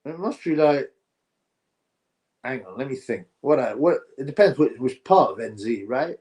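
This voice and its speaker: A man chatting on a live stream in a plain mid-pitched voice. He reads out viewer comments and gives blunt, opinionated takes in loose, rambling banter full of filler. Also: expressive, moderate pace, mellow. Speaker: live-stream boxing host. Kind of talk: casual live-stream chat, reading viewer comments aloud.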